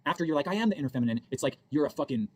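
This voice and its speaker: A man's voice: fairly high pitch, animated, very fast, darkish tone. A man lecturing in a self-help video, rambling and preachy, repeating himself. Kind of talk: lecturing monologue.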